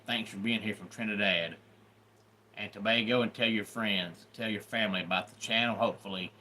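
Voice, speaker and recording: A Southern man in middle age hosts a relaxed live stream with a drawl and plenty of opinions. His voice sits on the lower side but carries a bright, forward edge, and a faint room ambience stays under his talk. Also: slight background noise. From Deep South of the US. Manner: opinionated, chatty, greets viewers by name. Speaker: YouTube host. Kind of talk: casual livestream commentary.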